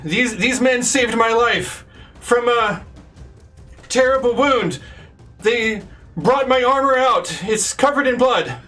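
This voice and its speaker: A man's voice: very high voice, lively intonation, takes it slowly, pushed and bright, distant mic, faint music behind, voice pushed up, full character voice. A man voicing Phoenix, a male elf ranger general giving urgent, commanding orders in a tabletop game.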